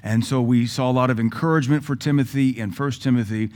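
A pastor preaching a sermon with a Southern American accent, blunt and sarcastic, acting out quotes. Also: male voice, medium pitch, fairly even intonation, quick pace, darkish tone.

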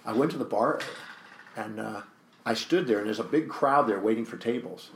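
A man's voice: lowish voice, a little fast, vocal fry, reverberant. A man, a guest speaker and author, telling a story in an interview and acting out the dialogue with animation.

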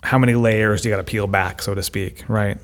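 Brisk and steady, a man with a voice on the low side co-hosts a podcast. He mulls over ideas casually and thoughtfully, frequently repeating words as he goes.

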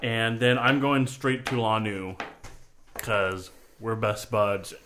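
A man's voice: lowish voice, takes it slowly, a bit bright, slight background noise. A man playing his character in a tabletop game, playful and joking. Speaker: player.

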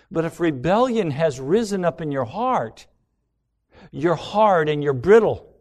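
A man preaching a sermon, slow and deliberate, with dramatic rhetorical questions and voiced asides. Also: a little high, darkish tone. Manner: dramatic, mimics inner voice of self-love.

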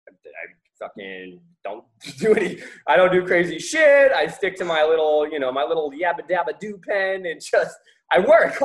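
Animated, profane young man telling stories. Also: a little high, poor audio. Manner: animated, profane, laughs often. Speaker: guest entrepreneur. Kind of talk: casual storytelling interview.

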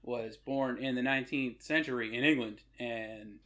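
A man's voice: medium pitch, steady tone, normal speed, fairly bright tone. A man hosting a podcast, telling jokey anecdotes in casual conversation. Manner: joking anecdotal storyteller. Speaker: podcast host.

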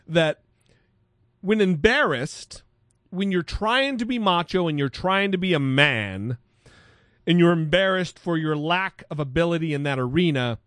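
A man's voice: a little high, a bit bright, no echo, studio quality. A man co-hosting a podcast, cutting in with playful, analytical remarks in casual chat. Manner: playful, analytical commentary with quick laughs. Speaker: podcast co-host.

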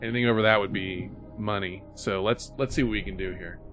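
A man's voice: lowish voice, fairly even intonation, fairly quick, vocal fry, loud music behind the voice. A man bantering on a casual podcast, joking and swearing as he guesses quiz answers.

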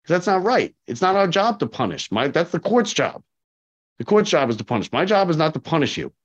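Male corrections officer, casual interview talk, animated retelling, repeats for emphasis; lo-fi recording. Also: fairly high pitch, a little fast, breathy edge. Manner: animated, acts out dialogue, repeats himself for emphasis. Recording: slightly dull lo-fi audio.

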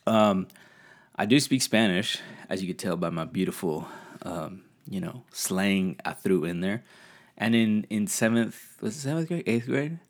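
Guy with a really low voice rambling on his podcast, laid back, swears a lot. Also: expressive, measured pace. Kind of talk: casual monologue.

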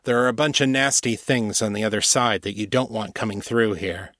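A man's voice: lowish voice, brisk, fairly bright tone, no room sound, clean studio sound, lightly acted. A man voicing a weary, blunt male hero with wry humor in an audiobook.

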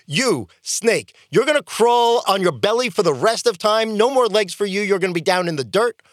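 A God figure who sounds like a chatty, easygoing man, as a man puts him on while retelling a story. He swings his pitch freely. The sound is dry and close. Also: expressive, normal speed, no echo. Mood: stern. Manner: breezy, modern slang. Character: casual chatty God laying down law.

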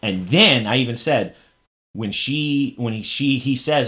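A man chatting through a TV episode with a co-host, joking as he goes. His pitch swoops up and down, and he keeps slipping into quoted lines from the show. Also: moderate pace. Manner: animated, joking, acts out quotes. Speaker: podcast co-host. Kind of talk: casual TV recap chat.

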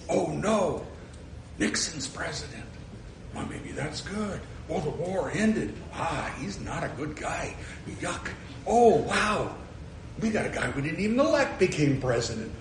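Animated older male pastor in echoey hall. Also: a little high, measured pace, slight background noise. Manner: animated storytelling, acting out his own reactions. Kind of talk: sermon. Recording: echoey hall with faint ambience.

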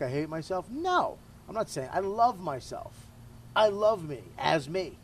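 In this casual interview, a middle-aged comedian smokes a cigar and talks about himself with candor, profanity and self-deprecation. His voice is a little high, with slight background noise.

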